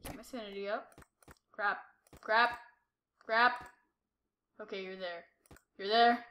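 A woman's voice: medium pitch, steady tone, slow, sharp tone, reverberant. A woman giving jumpy commentary while playing a horror game, talking to herself and repeating short exclamations. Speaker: gameplay streamer.

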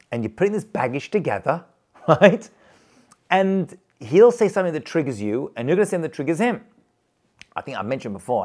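A middle-aged man, a rabbi, teaching a class in a chatty, storytelling way with acted-out quotes. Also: mid-range voice. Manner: animated, chatty, tells anecdotes with acted quotes. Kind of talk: lively storytelling lecture.

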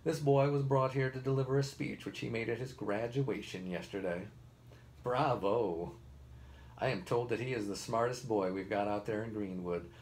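A man's voice: mid-range voice, moderate pace, darkish tone, a little hiss or hum, natural voice. A man voicing a smug, pompous male master of ceremonies, announcing to a crowd like a showman.

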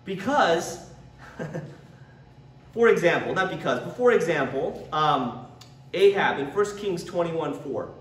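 A man's voice: on the high side, expressive, takes it slowly, long pauses. A man teaching a church Bible lesson in a conversational way, sometimes acting out the people he quotes. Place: church classroom. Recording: echoey room, picked up from a distance.

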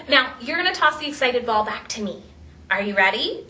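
A woman teaching artist leading a children's drama workshop in a playful, animated way. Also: a little high. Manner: playful, animated, drawn-out delivery. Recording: echoey room, mic at a distance.

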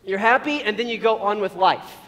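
High-voiced joking male pastor, reverberant hall. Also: fairly quick, sharp tone. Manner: casual, joking preaching with asides. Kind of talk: sermon.

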